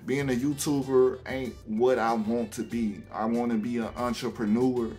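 A young man from Alabama with a Southern accent, talking casually to camera on his own channel, halting with many ums and restarts, faint music behind. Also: mid-range voice, little pitch movement, a little mellow. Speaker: YouTuber.

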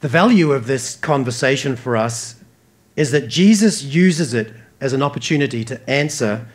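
Aussie guy preaching, earnest, mid pitch, big swells then soft drops. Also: lively intonation, moderate pace. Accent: Australian. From Australia. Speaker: pastor. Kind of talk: sermon.

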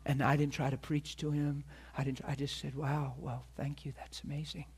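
A man's voice: a little high, flat delivery, moderate pace, darkish tone, husky. A middle-aged man preaching a sermon as a pastor, telling a personal story earnestly and acting out the voices of the people in it.

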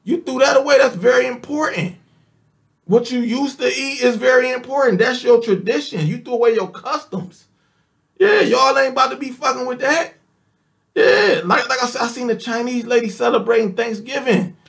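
A man with an African American Vernacular English accent giving a heated monologue rant, emphatic, swearing often, repeating oaths and jumping up in pitch when worked up. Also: moderate pace, creaky, a bit bright. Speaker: vlogger ranting to camera.

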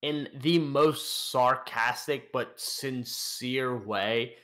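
A young man running a tabletop game as game master, narrating in a halting way with many restarts. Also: mid-range voice, pushed and bright. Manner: halting, full of restarts and fillers.

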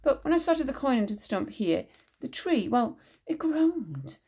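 A woman voicing an excitable young traveller boy who talks eagerly and insistently in dialect. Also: sits high, normal speed, slightly rough, pitched above the performer's own voice, heavily acted. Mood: excited.

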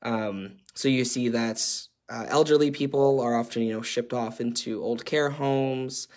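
A man's voice: mid-range voice, a little slow, darkish tone. A man facilitating a workshop, explaining a chart in a conversational way with frequent ums and uhs.

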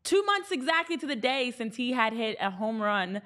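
A woman hosting a sports show, reading off baseball stats in a brisk, chatty way. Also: on the high side, very animated, bright, forceful tone. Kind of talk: casual sports chat.

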